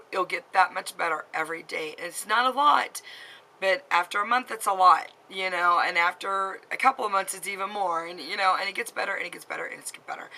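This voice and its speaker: A woman's voice: on the low side, creaky, sharp tone, a little hiss or hum, low-quality recording. A woman in her late thirties giving heartfelt, rambling advice straight to camera, full of fillers and repeats. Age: 30s. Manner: earnest, rambling, full of "you know" and "um". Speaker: vlogger giving advice to teen girls.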